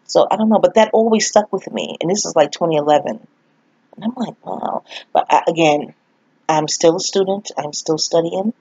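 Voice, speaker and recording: New woman, husky, chatty and profane storyteller, dry lo-fi audio. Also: on the low side, expressive, a little fast, mellow, no echo. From New York. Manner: candid, profane, rambling storyteller who laughs often. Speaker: astrology vlogger. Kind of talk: casual spoken monologue. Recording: dull lo-fi audio.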